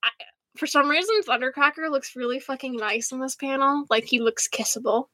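Excitable high-voiced young American woman. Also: a little fast, slight background noise. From United States. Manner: swears freely, rambling and excitable. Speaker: podcast co-host. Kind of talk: casual fan chat.

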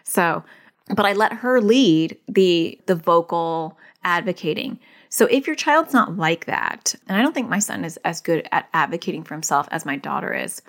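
A woman with a slightly low voice talks through parenting advice in a relaxed monologue. She is earnest and chatty, with "like" scattered through her sentences, and she sounds like a therapist who is also a parent. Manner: chatty, many "like" fillers, earnest.

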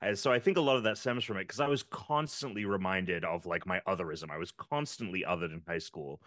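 British male podcast co-host, lowish voice, dry close mic, self-deprecating and halting. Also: fairly bright tone, no echo. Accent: British English. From England. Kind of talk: casual chat.

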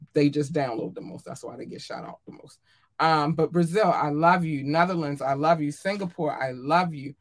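A podcast host in casual solo chat, effusive and affectionate toward listeners, talking with frequent ums and little laughs. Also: mid-range voice. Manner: effusive and affectionate, calls listeners darlings and babies.

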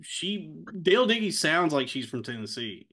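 A man in his thirties co-hosting a casual podcast, laughing often and acting out quotes in a higher voice. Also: big pitch swings, moderate pace, fairly bright tone. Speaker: podcast co-host. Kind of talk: casual chat.

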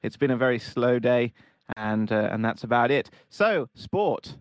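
A man's voice: mid-range voice, lively intonation, a little slow, clear, resonant tone, no room sound, natural voice. Man playing a stiff local news anchor. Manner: earnest, faux-formal newsreader delivery. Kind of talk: improv comedy.

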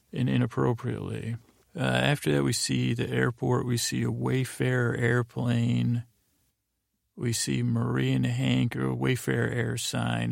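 A man hosting a podcast, recapping an episode in a meandering, monotone way with many fillers and restarts. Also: medium pitch, no room sound, clean studio sound. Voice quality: gravelly. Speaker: podcast host.

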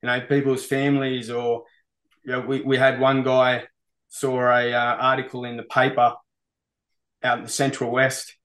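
A man's voice: mid-range voice, completely flat delivery, moderate pace, fairly bright tone. A man with an Australian accent, a metal musician being interviewed, laid-back and sweary, saying "mate" often. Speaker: metal band musician, guest. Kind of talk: casual interview.

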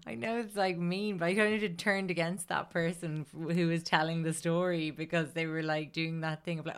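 A woman with a low, smooth voice tells a story to her podcast co-hosts. She chats loosely, swears freely and laughs often. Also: fairly even intonation, moderate pace, hardly any pauses. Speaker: podcast co-host telling a story. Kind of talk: casual chat.

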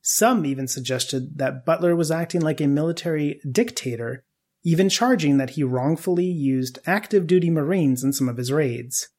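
A man's voice: on the high side, moderate pace, darkish tone. A man hosting a podcast, telling a history story casually with asides to his co-hosts.

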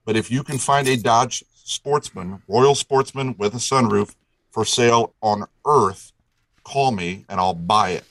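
A man's voice: medium pitch, measured pace, fairly bright tone, no echo, poor audio. Dry-voiced rambling storyteller man. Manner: enthusiastic, rambling, with frequent restarts. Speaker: guest. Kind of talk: casual storytelling chat.

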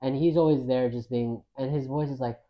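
A man co-hosting a casual podcast chat, relaxed and thoughtful, gently pushing back on points. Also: mid-range voice, a little fast.

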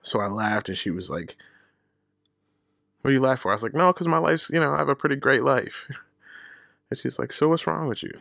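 A man's voice: medium pitch, brisk, gravelly, long pauses, fairly bright tone, no echo, studio quality. A man hosting his own podcast, telling a personal story in a casual, profane, candid way, laughing at himself and acting out the people he quotes. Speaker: podcast host.

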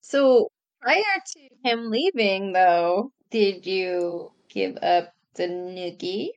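A woman's voice: medium pitch, lo-fi sound. A woman co-hosting a podcast who listens, reacts, and asks questions in casual chat. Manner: reactive listener, quick exclamations and laughs. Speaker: podcast co-host.

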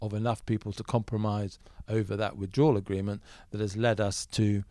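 A man in a podcast interview, answering as a political commentator in a measured, thoughtful way with frequent fillers. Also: lowish voice, level tone, mellow, dry recording, studio quality.

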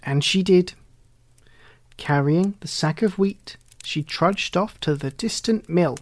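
Storyteller, gentle read-aloud of a fable, slow and mid-pitched. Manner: gentle, unhurried storybook reading. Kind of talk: reading a children's story aloud.

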